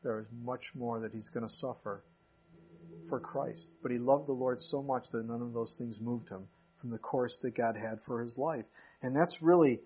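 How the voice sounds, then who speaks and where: A husky-voiced male pastor delivers a sermon in a relaxed, conversational way, dropping folksy asides between scripture readings. The recording sounds dull and lo-fi. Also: medium pitch, moderate pace. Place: church.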